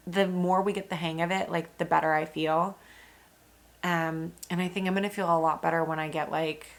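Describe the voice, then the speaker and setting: A woman's voice: low voice, creaky, fairly bright tone. A young woman, a new mother, chatting candidly in a casual vlog, full of fillers and the odd swear word.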